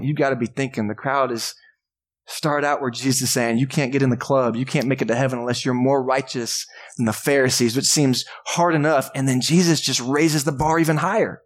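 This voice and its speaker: A man, a pastor, preaching a casual, joking sermon in a church and acting out voices from the crowd. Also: mid-range voice. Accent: Texan. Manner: conversational, jokey preaching with acted-out voices. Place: church sanctuary.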